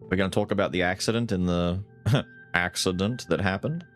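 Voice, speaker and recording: A man giving casual, animated let's-play commentary, thinking aloud and swearing casually. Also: low voice, moderate pace, soft background music. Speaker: gaming YouTuber.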